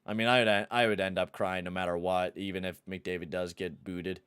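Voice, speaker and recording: A young man streaming a hockey video game, chatting with viewers and shouting and swearing at the game. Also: sits low, flat delivery, brisk, clear, resonant tone, dry recording. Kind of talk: live gameplay commentary and chat.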